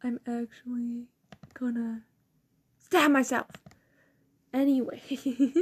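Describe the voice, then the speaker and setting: A woman's voice: fairly high pitch, steady tone, slow, a little mellow, breathy edge. A teenage girl, rambling in casual chat about school and quoting people while she giggles. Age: teens. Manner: rambling, giggly, quotes people in mocking voices. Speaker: student vlogger.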